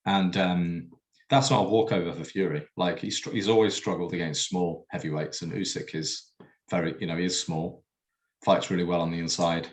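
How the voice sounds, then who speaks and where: A man's voice: low-pitched, steady tone, moderate pace. A man co-hosting a casual podcast chat, hesitant with many fillers and restarts. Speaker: podcast co-host.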